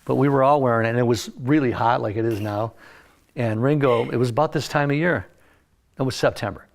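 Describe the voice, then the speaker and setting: An older man, a music producer, telling animated anecdotes in a casual interview and acting out the lines of the people he quotes. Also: mid-range voice, fairly quick, gravelly. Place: recording studio.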